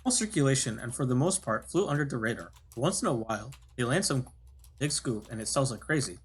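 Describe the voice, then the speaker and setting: A husky, slightly breathy man reading game text aloud on stream. He keeps it casual, trips over words and stops to correct himself, then carries on. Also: medium pitch, expressive, quick pace. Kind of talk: reading a visual novel aloud.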